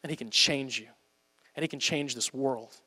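A man preaching a sermon in a church, impassioned and swinging between loud appeals and hushed asides. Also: mid-range voice, moderate pace, slightly rough. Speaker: pastor. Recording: long hall reverb.

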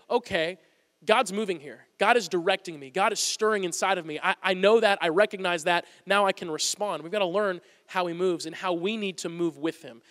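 A man's voice: high-pitched, fairly bright tone, long reverb tail. A man in his thirties preaching a sermon to a congregation, telling stories about himself with humor. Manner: storytelling, self-deprecating humor with the congregation. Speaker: pastor.

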